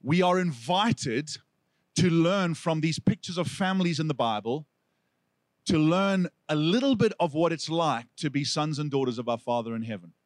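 Man, South African accent, pastor, sermon, somewhat high voice, animated storyteller, dry close sound. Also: moderate pace, no echo. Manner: animated storytelling, acts out quoted figures.

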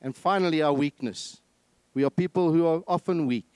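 Male preacher, higher voice, dry close sound, earnest sermon delivery with repeated phrases. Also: moderate pace, a little mellow, clean tone, no room sound. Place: church.

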